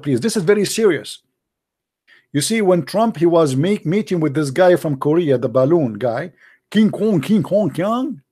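A man's voice: high voice, darkish tone. A man giving mocking commentary, sarcastic and mock-incredulous. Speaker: debater hosting a call-in style talk.

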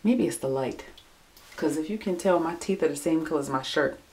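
A young woman chatting casually into her home camera, scattered and self-mocking, swinging from loud bursts to low mutters. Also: a little fast, slight background noise. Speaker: vlogger. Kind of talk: casual vlog chat.

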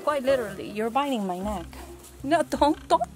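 A woman's voice: fairly high pitch, lively intonation, moderate pace, a little mellow, faint music behind. A woman chatting playfully to her goats outdoors in a pen, scolding and cooing at them. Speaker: homesteader vlogger. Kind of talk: casual talk to goats. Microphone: handheld camera.

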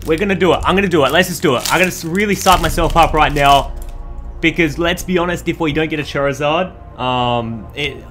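A male video host giving casual commentary while opening card packs, excitable and swinging between hushed talk and loud hype. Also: on the high side, brisk. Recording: background music under voice.

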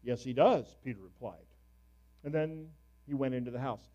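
A middle-aged man preaching a sermon as a pastor, telling stories with sudden loud, animated bursts. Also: medium pitch, normal speed, dull audio.

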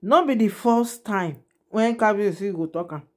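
A woman's voice: medium pitch, moderate pace, darkish tone. A woman speaking in a Nigerian Pidgin accent, giving casual gossip commentary to her viewers and often turning to them with asides. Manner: chatty, addresses viewers directly with repeated asides. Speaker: gossip vlogger.

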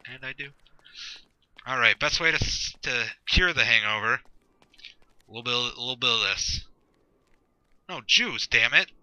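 A man's voice: medium pitch, expressive, moderate pace, long pauses, sharp tone, no room sound, low-quality recording. A man giving rambling, sarcastic gameplay commentary, swearing often and talking to himself as he plays. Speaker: gameplay video host.

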